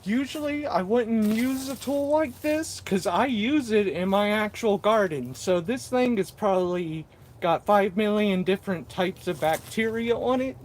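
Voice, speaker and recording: A man's voice: sits high, unhurried, a little hiss or hum. A man chatting casually on a live stream while working, reading viewer comments aloud and joking about himself, short of breath. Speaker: mushroom grower streaming live. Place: indoors at a mushroom-growing workspace. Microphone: camera set up nearby, moves in and out of frame.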